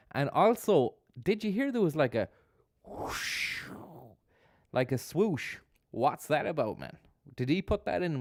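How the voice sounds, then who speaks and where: A man's voice: mid-range voice, darkish tone, no room sound. A man riffs sardonically over a video on his live stream, rambling and cursing as he goes. His voice is close and dry, with no room sound behind it. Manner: sardonic, rambling, swears freely. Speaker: streamer host. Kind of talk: casual live-stream commentary.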